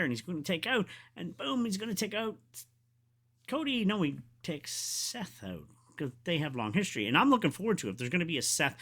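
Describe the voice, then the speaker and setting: Guy rambling thru a wrestling recap on his own show, super animated, voice jumps all over. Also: mid-range voice. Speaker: wrestling podcast host. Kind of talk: casual solo review chat.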